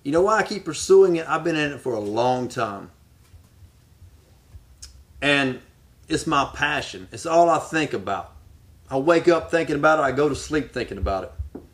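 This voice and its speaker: A man's voice: fairly high pitch, expressive, normal speed, long pauses. A man who is an aspiring pro wrestler answers interview questions in an emphatic, fired-up, determined way.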